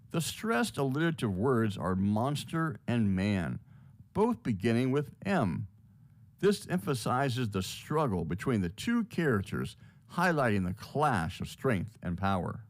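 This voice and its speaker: A man's voice: medium pitch, sing-song, unhurried, no room sound. A man reading a scripted lesson on poetry, explaining each point.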